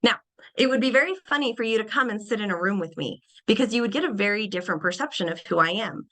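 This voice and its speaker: Young woman presenter, bright and lively, acts out examples in small voices during a webinar lecture. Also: medium pitch, fast talker, rough recording. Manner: animated, acts out little scenes in changed voices. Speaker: behavior analyst presenter.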